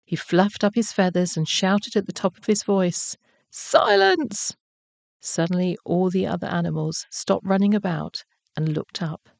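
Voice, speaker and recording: A woman narrating a children's bedtime story in a gentle, measured way. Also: lowish voice, no echo.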